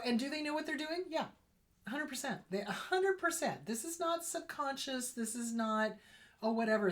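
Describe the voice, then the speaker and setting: Female therapist-host, unscripted solo talk, blunt and emphatic with heavy repetition. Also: on the low side. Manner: blunt, emphatic, repeats points for stress. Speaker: therapist hosting a psychology channel.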